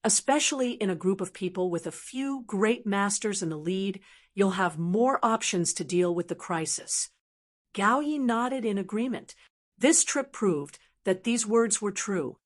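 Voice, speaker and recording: A woman's voice: mid-range voice, animated, unhurried. Woman reading an audiobook steadily. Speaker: audiobook narrator. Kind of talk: scripted narration.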